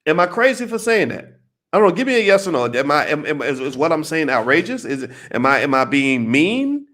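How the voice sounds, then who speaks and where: An American man talks straight to his viewers in casual commentary. His voice sits a little high and rises and falls a lot, and he keeps pressing his points with rhetorical questions and repetition. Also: very animated, brisk, a bit bright.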